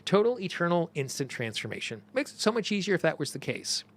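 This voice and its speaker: A man's voice: on the high side, very animated, fast. A middle-aged man hosting a teaching monologue, earnest and emphatic, repeating phrases for stress. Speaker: host.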